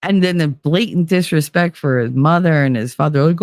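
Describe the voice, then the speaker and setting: A woman's voice: low-pitched, moderate pace, dry recording, clean studio sound. A woman hosting a podcast, talking casually and candidly in a monologue with plenty of swearing. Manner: candid, animated, swears freely. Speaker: podcast host.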